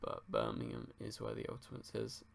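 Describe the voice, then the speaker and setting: With a lowish, creaky, sing-song voice, a young livestream host from England talks briskly as he fields viewer questions. He's relaxed and rambling, and he swears casually.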